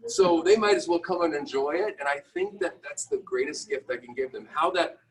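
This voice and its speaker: A middle-aged man, a business owner, telling a candid, self-deprecating story with many halting restarts. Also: on the high side, lively intonation, far from the mic, rough recording. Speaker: guest entrepreneur.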